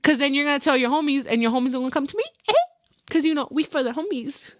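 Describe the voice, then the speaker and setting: A young woman hosting a podcast, chatting casually about her work as a hairstylist, animated and mixing in Spanish phrases. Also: high-pitched, fast talker, dry recording, studio quality. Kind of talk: casual chat.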